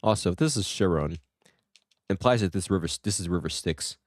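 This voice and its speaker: A male streamer narrates his gameplay into a close desk microphone in a rambling, joking, self-mocking way. His voice sits low and his pace is fairly quick, with no echo on the recording.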